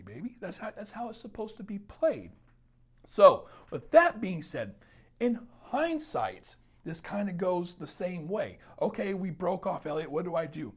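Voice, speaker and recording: A man talking straight to camera as a dating coach, giving blunt, emphatic advice and swearing freely. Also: on the high side. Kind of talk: casual advice monologue.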